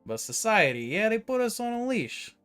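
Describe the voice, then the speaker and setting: A predatory brute who thinks people are animals swaggers through his lines in a high, forceful voice, as a man puts him on. His mock accent swings between New York and British, and every word drips with contempt. It is game dialogue read aloud over faint background music. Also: big pitch swings, moderate pace, smooth. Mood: menacing. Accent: mock half New York, half British.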